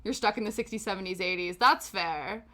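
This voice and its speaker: A woman's voice: mid-range voice, fairly quick, fairly bright tone. A woman hosting a live stream, chatting casually with her viewers while she knits, rambling and laughing often. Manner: chatty and rambling, answering chat with frequent laughs.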